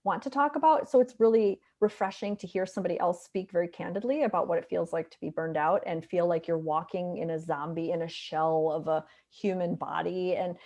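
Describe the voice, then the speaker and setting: A woman's voice: on the low side, warm tone. A middle-aged woman with a nasal voice and a Wisconsin accent, a physician and author chatting upbeat as an interview guest over a remote call. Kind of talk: casual interview talk.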